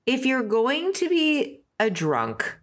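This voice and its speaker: Woman podcast co-host, unhurried, very expressive pitch, reactive chat.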